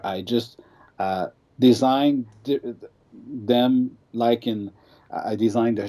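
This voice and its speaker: A man's voice: on the low side, mellow. A man being interviewed as a game designer, talking casually and hesitantly with many restarts.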